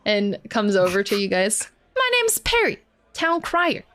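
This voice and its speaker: A woman's voice: mid-range voice, wildly swooping pitch, measured pace, fairly bright tone. A woman voicing an eager, chatty male halfling town crier with a folksy, pushy way of talking. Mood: chummy.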